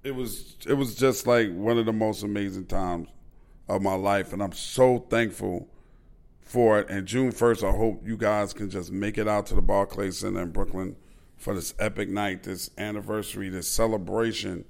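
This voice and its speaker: A man's voice: on the low side, fairly even intonation, normal speed, creaky, a little mellow. A man, telling stories animatedly and with profanity as a podcast host. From Queens, New York. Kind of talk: casual storytelling chat.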